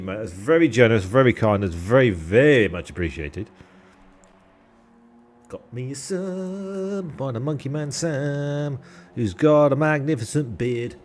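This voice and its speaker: A man's voice: mid-range voice, slight background noise. A young man commentating a sim race on a live stream, chatty and jokey, with casual swearing and thanks to subscribers.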